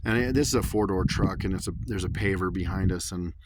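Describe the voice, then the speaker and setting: A man's voice: sits low, quick pace. A man recording a vlog outdoors and retelling a story in a rambling, earnest way with many restarts. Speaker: vlogger. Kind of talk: casual storytelling to camera. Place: outdoors under an open sky. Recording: loud background noise outdoors.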